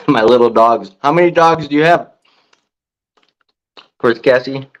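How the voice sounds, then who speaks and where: A man's voice: medium pitch, unhurried. A man co-hosting a live podcast, chatting casually in an easygoing way and laughing along. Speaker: podcast co-host. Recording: dull lo-fi sound.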